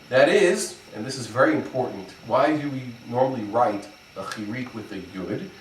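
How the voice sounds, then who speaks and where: A man teaching as a rabbi, explaining step by step in a plain mid-pitched voice with the odd filler. He sounds set back from the microphone in a roomy, echoing space. A faint hum of background noise sits under him. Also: darkish tone, far from the mic. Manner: methodical, spells out examples with frequent fillers. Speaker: rabbi teaching Hebrew pronunciation. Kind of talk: explanatory lesson. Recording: echoey room, voice from off the mic, faint background noise.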